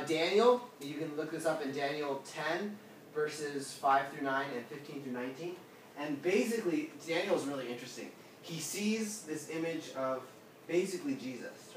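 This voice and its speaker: A man's voice: on the high side, slight background noise. A man teaching a small group from the Bible. He talks casually and questions his listeners, and he acts out quotes with big changes in his voice. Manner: animated, asks the room questions, acts out quotes. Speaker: pastor. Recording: echoey room, mic at a distance.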